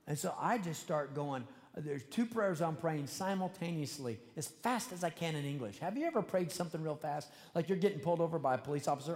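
A man with a somewhat high voice delivers a sermon in a conversational, earnest way, now and then speeding up for animated asides. His voice carries a long reverb from a large hall where he speaks before a congregation. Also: fairly quick. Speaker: preacher.

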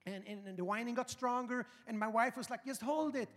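High-voiced preacher man in a big hall. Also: a little fast. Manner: animated, humorous, building to loud emphasis. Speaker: pastor. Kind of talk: storytelling sermon. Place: large church auditorium. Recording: reverberant hall with faint music.

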